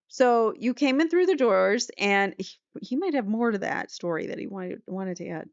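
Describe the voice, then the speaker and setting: Woman host, transcript reading, blunt asides, smooth voice, dry slightly dull recording. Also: mid-range voice, lively intonation, normal speed, hardly any pauses, dry recording.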